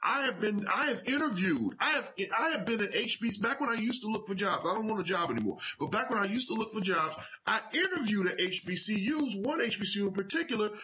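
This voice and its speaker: A man hosting political commentary, talking emphatically and profanely, his voice climbing toward shouts when he gets angry. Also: sits high, big pitch swings, fast talker, hardly any pauses, poor audio. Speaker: commentary show host.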